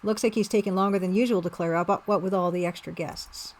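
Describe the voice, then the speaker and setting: A woman's voice: medium pitch, fairly even intonation, fairly quick, lightly acted. A woman voicing a blunt, folksy older man in a story game. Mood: easygoing.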